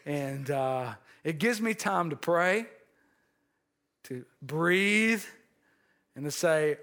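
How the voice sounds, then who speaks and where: A man preaching a sermon, telling a personal story with many restarts and repeated words, moving between animated and quiet, earnest passages. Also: on the high side. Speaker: pastor.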